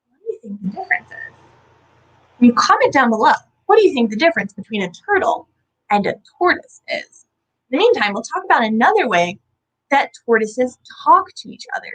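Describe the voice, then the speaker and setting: Young woman doing a kids animal lesson, high bouncy voice, a bit hoarse, keeps asking the kids stuff. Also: a bit bright, low-quality recording. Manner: bubbly, asks viewers questions, sing-song sound effects. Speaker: children's animal educator. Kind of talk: live kids' lesson with animals.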